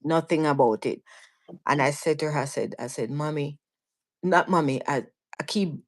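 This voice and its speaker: A woman's voice: sits low, moderate pace. Jamaican woman telling her story earnestly. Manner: earnest, vivid, frequent restarts and repeats. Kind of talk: casual storytelling on a live stream.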